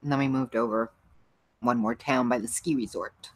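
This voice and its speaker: A woman's voice: a bass voice, fairly even intonation, moderate pace, dry recording. A middle-aged woman hosting a livestream, chatting casually with viewers, rambling and laughing often. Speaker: livestream host. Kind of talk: casual chat with live viewers.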